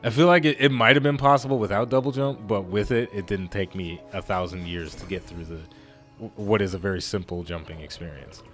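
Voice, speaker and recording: A man's voice: lowish voice, brisk, fairly bright tone, soft background music. A man casually commenting while he plays a video game, rambling, laughing often and poking fun at himself. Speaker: gaming YouTuber. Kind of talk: casual let's-play commentary.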